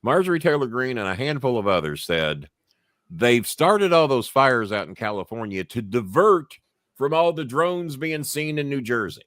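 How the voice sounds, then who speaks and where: A man's voice: mid-range voice, very animated, normal speed, a bit bright, no echo, studio quality. A man hosting a casual livestream show, telling rambling, profane stories. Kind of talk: casual chat and storytelling.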